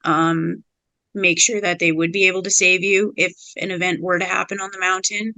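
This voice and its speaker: A woman's voice: on the low side, little pitch movement, moderate pace, sharp tone, no echo, low-quality recording. A young woman from Canada as a podcast guest, talking in a laid-back, candid way with lots of fillers. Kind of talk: casual interview chat.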